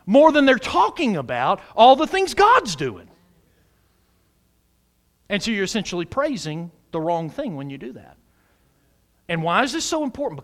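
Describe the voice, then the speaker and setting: A man preaching a sermon as pastor of a church, loud and emphatic, using humor and questions to the congregation. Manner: loud, emphatic preaching with big pitch swings. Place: church sanctuary.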